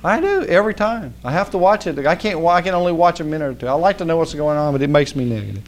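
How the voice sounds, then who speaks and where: Male preacher, folksy conversational sermon, slightly high voice, swings from hushed to emphatic. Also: fast talker. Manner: animated, rising to emphatic outbursts.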